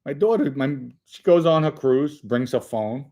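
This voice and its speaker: A man's voice: medium pitch, lively intonation, normal speed, dark tone. A middle-aged man hosting his own channel, telling family stories in a casual, rambling solo monologue and swearing now and then. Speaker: channel host.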